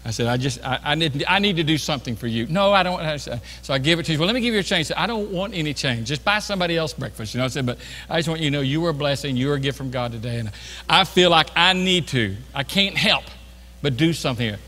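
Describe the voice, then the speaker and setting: Man, middle-aged pastor, rapid delivery, bright tone, church hall reverb. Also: fairly high pitch, lively intonation. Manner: chatty, self-mocking, many restarts. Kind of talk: storytelling sermon. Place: church sanctuary.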